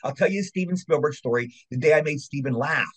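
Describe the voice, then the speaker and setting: A man's voice: a little high, quick pace, breathy edge. An older man from Maryland, a guest actor, telling eager, rambling stories in a casual interview. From Maryland, USA. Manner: rambling, eager anecdotes with restarts.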